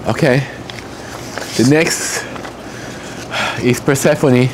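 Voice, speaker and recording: Man, slightly raised pitch, emotional casual candle-making talk, faint background hum. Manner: emotional, reads fragrance notes aloud slowly. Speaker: candle maker.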